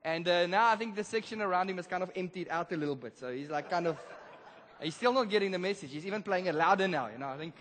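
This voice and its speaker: A male pastor telling a story in a sermon, animated, swinging between loud emphasis and hushed moments. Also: high-pitched, quick pace. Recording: long church hall reverb.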